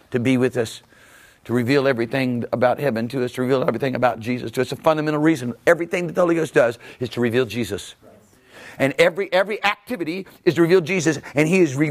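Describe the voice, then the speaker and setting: A man, a pastor, preaching a teaching sermon with animated storytelling, laughing often and breaking into shouts. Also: fairly high pitch.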